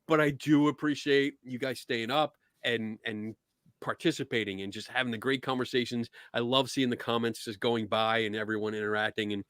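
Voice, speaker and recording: A middle-aged man with a Philadelphia accent hosting a casual chat, easygoing, laughing often and filling pauses with ums. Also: mid-range voice, fairly even intonation, fairly bright tone, dry recording, clean studio sound. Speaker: podcast host.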